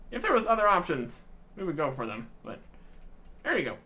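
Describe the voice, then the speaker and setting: A man's voice: sits high, pushed and bright. A man hosting a let's-play video, commenting on the game in a wry, joking way. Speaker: game channel host.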